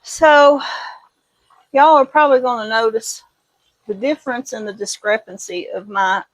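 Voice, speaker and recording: A woman's voice: a little high, moderate pace, no room sound, poor audio. A middle-aged woman with a Midwestern accent that slips into Kentucky country twang, chatting casually in her kitchen while doing dishes, rambling and folksy as she tells stories. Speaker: homesteading vlogger. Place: home kitchen.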